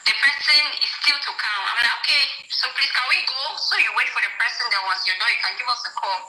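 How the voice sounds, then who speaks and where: A woman's voice: a little high, quick pace, bright, forceful tone, reverberant, a little hiss or hum, low-quality recording. A woman from Cameroon telling a personal story in an interview, often quoting what others said. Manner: recounting, quotes others' words. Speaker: guest telling her story.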